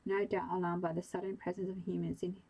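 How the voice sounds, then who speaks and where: A woman reads a bedtime story in a calm, steady voice. Her tone is low and dark, with a gravelly, husky texture and a flat, even melody. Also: fast talker, low-quality recording. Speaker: narrator.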